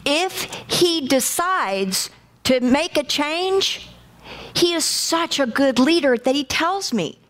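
A middle-aged woman preaching a lively sermon to a congregation, calling out and bursting into shouts. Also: high voice, slow. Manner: animated, shouts in acted bursts, talks to congregation.

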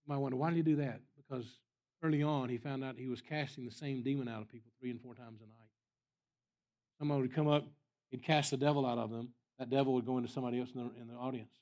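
A man's voice: medium pitch, steady tone, fast talker, darkish tone. Earnest man preaching a storytelling sermon. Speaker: guest preacher.

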